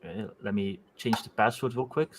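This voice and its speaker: A man's voice: lowish voice, a little fast, a loud crowd. A male guest game designer joking and teasing in casual chat over a video call.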